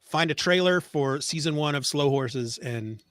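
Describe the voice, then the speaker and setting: A man's voice: a little high, a little slow, dry recording. A middle-aged man in casual podcast chat, rambling and swearing as he tells a story with gusto. He sounds a little stuffed up. His voice is dry and close, with no room around it. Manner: rambling, profane, animated retelling. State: congested. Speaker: podcast co-host. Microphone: remote call mic.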